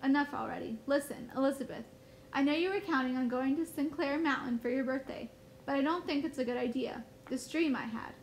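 A woman's voice: high-pitched, a little fast, slight background noise, low-quality recording. A woman teacher reading aloud as an anxious mother who urgently insists on being heard. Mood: insistent. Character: anxious mother shaken by a dream.

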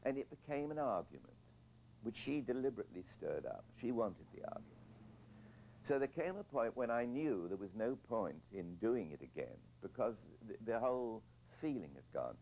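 A man's voice: lowish voice, sing-song, moderate pace, gravelly, a little mellow, a little hiss or hum, rough recording. An older man, a film director being interviewed, telling reflective anecdotes with hesitant restarts and repeated words.

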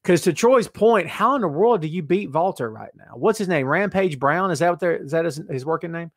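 Clean studio audio with no echo carries this man's fairly high voice as he hosts a podcast live-stream, moving a bit quickly. He reads out viewer comments and jokes directly with the chat in an excitable, playful way.

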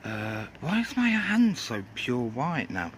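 A man's voice: medium pitch, sing-song, slow, background noise. A man from England rambling through a casual outdoor shoe review, joking and swearing under his breath as he films on a cold day. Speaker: sneaker reviewer.

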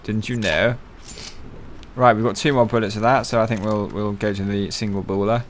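A man giving profane, excitable, joking let's-play commentary. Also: lowish voice, moderate pace, slight background noise. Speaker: gaming channel host.

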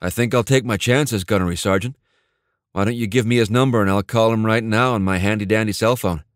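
A man's voice: fairly low pitch, fairly quick, no echo, studio quality, lightly acted. A man narrating an audiobook and voicing a young male Marine officer who turns commanding and barks orders. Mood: calm.

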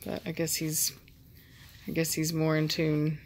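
A woman at home talking to her dogs and the camera, switching between soft baby talk, firm commands and easy laughter. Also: sits low, completely flat delivery, a little slow, a little hiss or hum. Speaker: dog breeder filming her dogs. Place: home, indoors.

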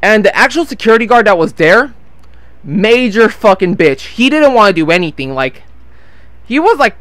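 High-voiced rambling teen storyteller man. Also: very animated, moderate pace, fairly bright tone, dry recording. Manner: rambling, swears freely, loses his train of thought. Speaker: gameplay vlogger. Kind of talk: casual storytelling over gameplay.

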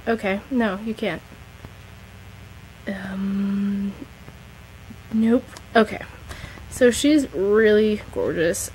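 A woman's voice: medium pitch, slight background noise, poor audio. A teenage girl giving a chatty, gushing tour of her model horse collection, talking to her camera as she films. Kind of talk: casual collection tour vlog.

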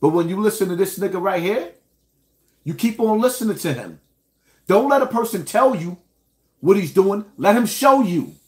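Indignant high-voiced man ranting. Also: lively intonation, moderate pace. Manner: emphatic, indignant, addresses viewers directly. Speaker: commentator. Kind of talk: ranting reaction commentary.

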